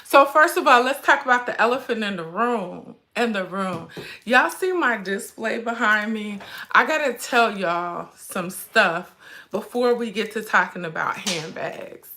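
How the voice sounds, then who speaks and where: A woman's voice: medium pitch, animated, a little slow, pushed and bright. A woman, hosting a casual handbag livestream, chatty and emotional, fighting back tears. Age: 40s. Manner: chatty, addresses viewers as y'all. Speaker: handbag vlog host.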